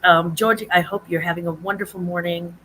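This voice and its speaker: A chatty woman hosts a casual livestream, her voice bright and forward. She rambles from one thought to the next and greets her viewers by name in a high sing-song. A faint hum of room ambience sits under her voice. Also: steady tone, a little fast, rough recording. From United States. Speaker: livestream host. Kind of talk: casual live chat with viewers.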